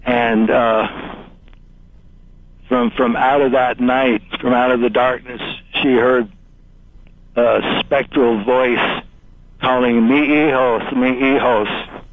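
A man calling into a radio show, telling a ghost story in a halting, hesitant way. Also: mid-range voice, level tone. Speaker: caller. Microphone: telephone. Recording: dry phone line.

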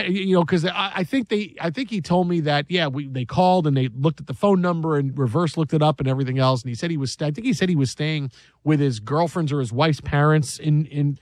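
A man hosting a sports talk show, telling a story in an animated way and acting out the voices of the people in it. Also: on the high side, dry recording.

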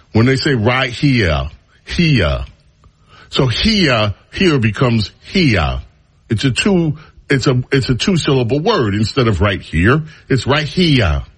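A man's voice: mid-range voice, husky. A male radio talk show host giving an opinionated, mocking monologue. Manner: mocking, drawling, animated.

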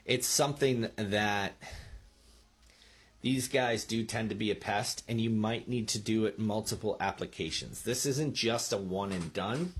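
Man, gardening advice host, lowish husky voice, casual and chatty, keeps asking "okay?". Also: unhurried. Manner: chatty, checks in with frequent "okay?" and "right?". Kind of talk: casual instructional talk. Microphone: speaking into a microphone.

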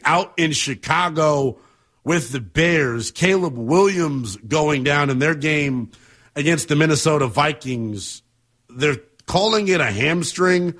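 Sports talk host, male, husky voice, emphatic and heated. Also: fairly high pitch, fairly bright tone. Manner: passionate, emphatic, conversational.

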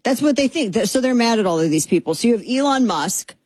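A woman hosts a radio talk show in a studio, her voice husky and a little breathy. She rambles with fillers, sarcastic and exasperated as she riffs. The sound is dry and close, with no room around it. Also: a little high, lively intonation, fast, darkish tone, no echo. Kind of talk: casual opinionated radio talk. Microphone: studio microphone.

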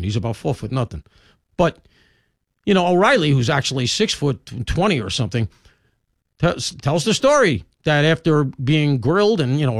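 A man hosting a talk radio show, talking through his lineup in an opinionated monologue with emphatic swings in pitch and loudness. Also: no echo, clean studio sound. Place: radio studio.

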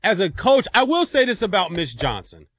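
A man co-hosting a sports talk show, energetic and playful, turning to address the listeners. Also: high-pitched, normal speed, dry recording.

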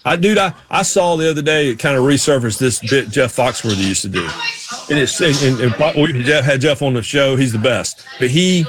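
A man's voice: mid-range voice, animated, a little fast, over music. A man from North Carolina with a Southern US accent, hosting a talk show in a chatty, rambling way. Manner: chatty, rambling, laughing along. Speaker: show host. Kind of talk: casual chat.

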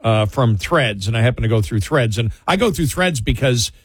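Radio co-host guy in the studio, kinda husky, dry close mic, rambles and chuckles along. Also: mid-range voice, lively intonation, normal speed, dry recording. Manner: rambling, amused, restarts sentences. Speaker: radio talk show co-host. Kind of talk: casual talk radio chat.

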